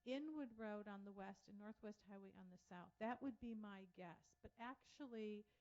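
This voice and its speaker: A woman's voice: medium pitch, moderate pace. A woman giving a casual talk to an audience, telling anecdotes in a chatty way and acting out what others said. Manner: chatty storyteller, animated quoting of others. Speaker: speaker at a public talk. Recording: dull lo-fi sound.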